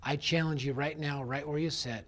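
Speaking at normal speed in a steady tone, a middle-aged youth evangelist shares a personal story in sermon form. He voices the characters and lowers his voice to a quiet hush for the weighty moments.

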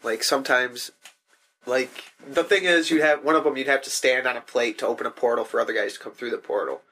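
A man's voice: medium pitch, a little fast, bright, forceful tone. A young man co-hosting a casual chat, laid-back and profane as he complains about games. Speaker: podcast co-host.

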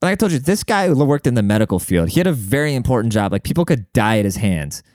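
A young man telling a long story to his viewers in a casual, profane, animated way, talking to them like a buddy. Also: mid-range voice, fast talker, no echo, clean studio sound. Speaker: vlogger.

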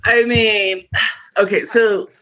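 A woman's voice: mid-range voice, steady tone, slow, background noise. A woman co-hosting a casual podcast, chatty and laughing, with lots of fillers. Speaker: podcast co-host. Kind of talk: casual chat.

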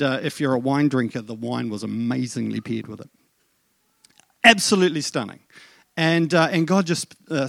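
A middle-aged man from New Zealand with a New Zealand accent, telling a story in a sermon with lively asides to the congregation. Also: fairly high pitch, no room sound, studio quality. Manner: animated, self-deprecating storytelling with asides to the congregation. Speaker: pastor. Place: church.

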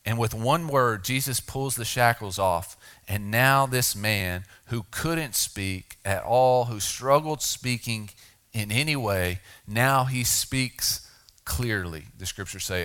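Bright-voiced man preaching conversationally. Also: fairly low pitch, measured pace. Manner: conversational, drops to soft emphatic tones for key points. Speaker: pastor. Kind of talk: sermon.

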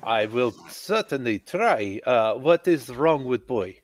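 A man playing an earnest doctor stranded after a crash, talking in broken, halting phrases. His pace is slow and the recording is dry and close. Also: mid-range voice, lively intonation, no room sound.

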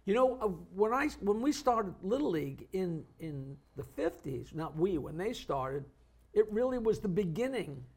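A man's voice: high-pitched, sing-song, moderate pace, darkish tone, breathy edge. An older man from Long Island, co-hosting a casual chat, rambling through stories and laughing partway through them. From Long Island, New York. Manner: rambling storyteller, laughs mid-story, restarts often. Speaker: co-host.

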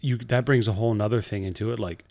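A man's voice: on the low side, steady tone, fast talker, darkish tone, no echo. A man co-hosting a podcast in casual chat, hesitant and questioning, repeating words as he thinks. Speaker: podcast co-host.

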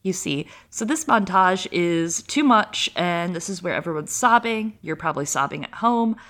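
A woman's voice: lowish voice, expressive, normal speed, fairly bright tone. A woman co-hosting a podcast, retelling a series in dramatic, playful casual chat with crude jokes. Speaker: podcast co-host.

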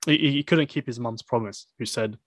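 A man's voice: mid-range voice, a little fast, fairly bright tone, no room sound, studio quality. A man casually discussing a film with a friend, rambling with many fillers and restarts.

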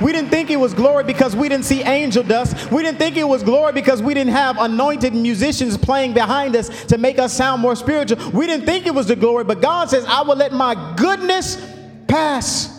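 A male pastor preaching a sermon, building up to shouts, with folksy asides. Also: very high voice, big-room sound.

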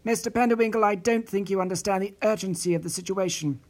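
Male narrator doing a brisk, secretive woman caller, higher, clipped and urgent. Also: darkish tone, lightly acted. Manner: hurried, no-nonsense, urgent.

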